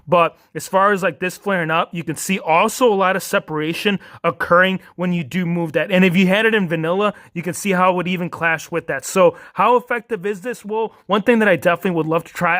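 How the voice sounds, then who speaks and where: Enthusiastic male toy reviewer with a high voice, casual and chatty. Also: quick pace, few pauses, sharp tone. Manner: chatty, enthusiastic, keeps saying "man". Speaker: action figure reviewer.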